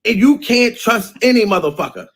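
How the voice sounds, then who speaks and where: A man ranting in a loud, mocking way, often laughing between phrases. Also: sits high, animated, moderate pace. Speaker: vlogger. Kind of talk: profane rant.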